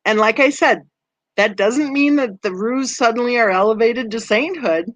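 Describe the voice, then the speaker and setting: A woman hosting a true crime channel, chatting with viewers and reading their comments, conversational and quick to laugh. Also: fairly high pitch, fairly bright tone, no room sound. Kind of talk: livestream chat reading comments.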